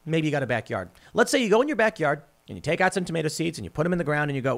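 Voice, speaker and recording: A male podcast host with a slightly high-pitched voice talks through political commentary in an animated, sarcastic way. He stumbles over his own words, repeating them and restarting sentences as he goes. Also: very fast. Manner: animated, sarcastic, mocks opponents in put-on voices.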